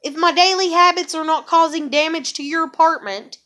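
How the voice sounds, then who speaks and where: A woman's voice: very high-pitched, normal speed, pushed and bright. A woman venting angrily to the camera, repeating herself and swearing heavily. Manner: angry, repetitive, swears heavily. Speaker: vlogger. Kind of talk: profane venting monologue.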